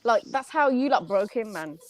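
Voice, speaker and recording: High, lively, giggly woman. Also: normal speed, rough recording. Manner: giggly, teasing. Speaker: panelist. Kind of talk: casual live panel chat.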